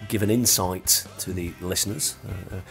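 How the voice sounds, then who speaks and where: Man, low voice, halting casual podcast host, faint music under him. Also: fairly even intonation, creaky, fairly bright tone. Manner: hesitant, repeats words. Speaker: band member asking questions.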